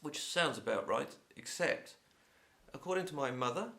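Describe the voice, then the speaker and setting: An Englishman with a Home Counties accent teaches English in a casual, opinionated chat to camera. His voice carries a gravelly crackle at a middling pitch. He has a sore throat and a blocked nose. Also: normal speed. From England. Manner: chatty, opinionated, lively.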